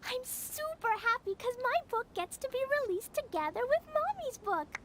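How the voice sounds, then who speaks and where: An excitable childlike game character. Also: female voice, normal speed, a little hiss or hum, exaggerated voice. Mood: excited. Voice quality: very high, childlike. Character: bubbly small girl and floating companion, excitable. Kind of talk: game cutscene dialogue.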